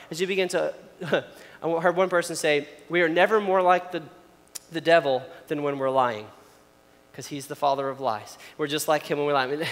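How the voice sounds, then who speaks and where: A man's voice: a little high, fairly bright tone. A young adult man preaching a sermon in a casual, conversational way, acting out quoted complaints. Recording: long hall reverb.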